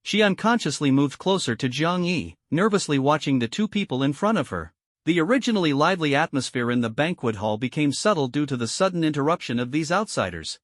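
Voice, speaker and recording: A man narrating a comic story recap in a smooth, scripted reading. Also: a little high, expressive, a little fast, no room sound, clean studio sound.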